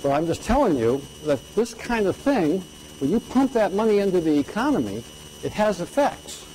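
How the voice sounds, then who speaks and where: An older man lectures an audience in a relaxed, conversational way, tagging his points with a quick "okay?". His voice is mellow and sits a little high for a man. A faint hiss runs under the recording. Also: rough recording. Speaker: economics lecturer.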